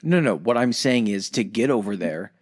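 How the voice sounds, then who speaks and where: A man's voice: lowish voice, lively intonation, normal speed, no echo, clean studio sound. A man co-hosting a casual history podcast, joking, swearing freely and acting out historical figures. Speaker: podcast co-host. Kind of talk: casual profane history chat.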